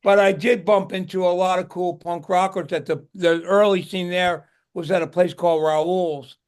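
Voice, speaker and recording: A man's voice: high-pitched, steady tone, moderate pace, a little mellow, clear, resonant tone. An older man, a guest musician, tells stories in a casual interview, rambling and restarting his words.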